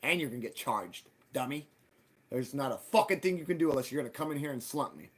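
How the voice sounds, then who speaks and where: A man's voice: mid-range voice, animated, quick pace, husky. A man hosting a live stream, telling a heated, profane story and acting out both sides of past arguments. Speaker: livestream host.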